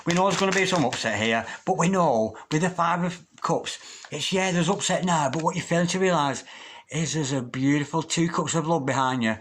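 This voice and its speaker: A man with a fairly high voice reads tarot cards aloud. He talks gently and gushes over the cards, then sinks into a low repeated chant to call on the spirits. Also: a little fast, a little hiss or hum. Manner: gentle, gushing, repeats invocations in a lowered chant. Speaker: tarot reader. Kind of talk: tarot reading with spoken invocations.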